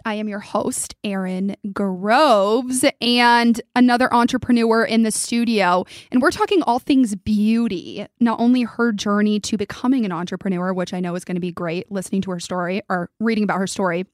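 A woman hosting a podcast in a studio, bubbly and energetic, laughing easily as she chats with her guest. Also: medium pitch, moderate pace, few pauses, no room sound. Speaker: podcast host. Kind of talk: casual interview chat.

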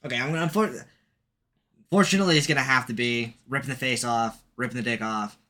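A man's voice: medium pitch, fast talker, sharp tone. A young man co-hosting a casual horror movie podcast, easygoing and a little hesitant as he talks. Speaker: podcast co-host. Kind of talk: casual chat.

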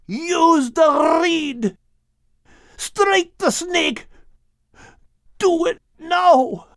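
A man voicing a brave little male dog who shouts desperate commands in a storybook. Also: extremely high pitch, very slow, no room sound, clean studio sound, voice pushed up, exaggerated voice. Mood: frantic.

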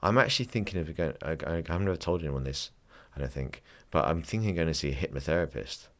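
A man with a very deep, low voice hosting a casual podcast. He rambles through personal stories, stumbling and restarting his sentences as he goes. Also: lively intonation, fast talker. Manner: rambling, frequent restarts, laughs while storytelling. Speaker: podcast host. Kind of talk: casual chat, anecdotes.

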